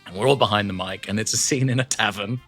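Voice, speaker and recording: A man, a voice actor interviewed as a guest, telling lively stories with laughs and quick character voices. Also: on the low side, faint music behind. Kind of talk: animated interview anecdotes.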